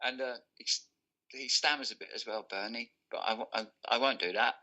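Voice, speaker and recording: Male musician guest, bright tone, casual anecdotal storyteller, self-deprecating. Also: medium pitch, a little fast.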